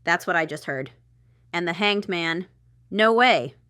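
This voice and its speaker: A woman giving a casual tarot reading, chatty and excitable, thinking aloud with lots of fillers. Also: lowish voice, moderate pace, smooth, no echo, studio quality. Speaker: tarot reader.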